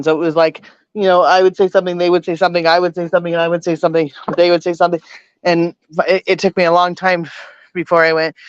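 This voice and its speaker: A woman's voice: fairly low pitch, clear, resonant tone, no room sound, lo-fi sound. A woman guest telling her story in casual chat, rambling with many false starts.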